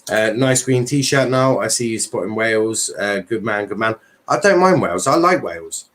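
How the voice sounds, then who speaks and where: A man hosts a relaxed football chat livestream in a fairly low voice. He rambles, piling up ums and restarting his sentences as he goes. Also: moderate pace. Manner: rambling, many fillers and restarts. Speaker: livestream host. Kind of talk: casual football chat stream.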